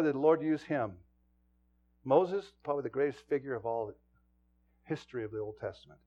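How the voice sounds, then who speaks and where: A man preaching a sermon to his congregation as pastor, swinging from loud exclamations to hushed, low asides. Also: brisk, long pauses, dull audio.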